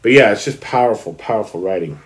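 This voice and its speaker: A man's voice: on the low side, expressive, fast. A man talking casually about a book, full of fillers and restarts, with bursts of enthusiasm and lines read aloud. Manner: hesitant, many fillers, enthusiastic emphasis. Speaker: book vlogger. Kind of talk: casual talk about literature, reading passages aloud.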